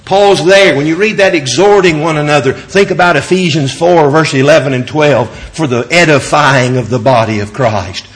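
Earnest preacher man, slightly high voice. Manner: reads scripture slowly with rising and falling emphasis. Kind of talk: sermon.

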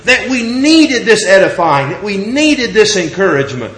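Guy preaching in a church, kinda high voice, leans hard on the verses he reads. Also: very animated, fairly bright tone. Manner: reads scripture slowly with rising and falling emphasis. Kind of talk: sermon.

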